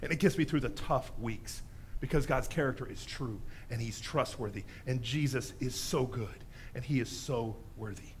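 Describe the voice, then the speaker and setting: A man preaching a sermon in a church, telling a story with lively animation and acting out the voices in it. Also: medium pitch, normal speed, slight background noise. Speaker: pastor.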